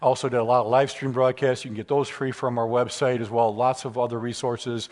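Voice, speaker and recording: A man's voice: medium pitch, little pitch movement, a little fast, darkish tone. A man giving a public lecture with Q and A, conversational and emphatic, moving into stories. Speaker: guest speaker.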